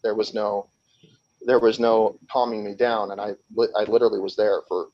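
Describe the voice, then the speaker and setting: A man's voice: lowish voice, little pitch movement, normal speed. A man talking as a podcast guest, telling a long story in a rambling, casual way with many restarts. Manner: rambling, with frequent restarts and laughs, acting out quoted voices. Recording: slightly dull lo-fi sound.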